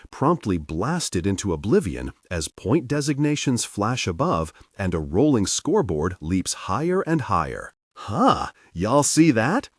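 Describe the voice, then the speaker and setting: A man narrating an audiobook in an animated, wry storytelling manner, on a close mic. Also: lowish voice, breathy edge, no echo.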